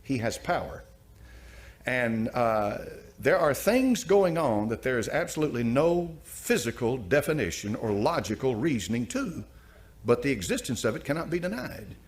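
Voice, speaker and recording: Animated preaching man, emphatic repeats. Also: mid-range voice, normal speed. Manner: emphatic, repeats phrases for effect. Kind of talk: preaching commentary on a story.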